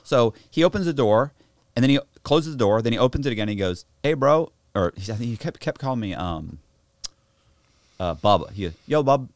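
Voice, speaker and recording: A man telling a story to a podcast host, animated and full of slang and restarts, in a studio. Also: lowish voice, fairly quick, no echo. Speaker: podcast guest. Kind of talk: casual storytelling.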